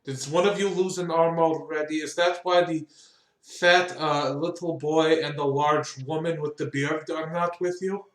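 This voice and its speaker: A man's voice: fairly high pitch, fairly even intonation, a little slow, roomy sound, close to an everyday voice. A man voicing a friendly, fussy male doll maker who greets his customers effusively. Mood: welcoming. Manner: effusive, repeats words.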